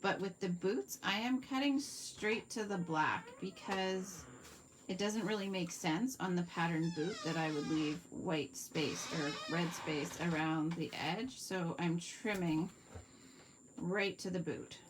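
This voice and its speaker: Working at her craft table during a live stream, a Canadian woman who demonstrates card making talks viewers through every step and responds to their comments. Her voice is lowish and her pace measured. Background noise can be heard.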